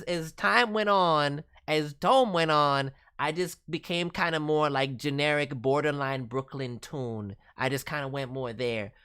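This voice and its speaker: A man's voice: on the high side, bright, forceful tone, smooth. A man streaming feedback on voice acting demos in a friendly, casual way, with hesitant restarts and bursts of slang.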